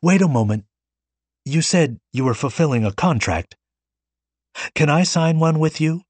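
A man voicing a soft-spoken, earnest male painter in an audiobook reading. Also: on the high side, animated, measured pace, slightly rough, no echo, pitched above the performer's own voice. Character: poor, gentle male painter, resigned.

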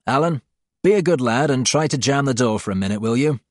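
A man's voice: medium pitch, expressive, brisk, no echo, studio quality, close to an everyday voice. A man voicing a cryptic, genial older male theoretician with a clipped way of speaking.

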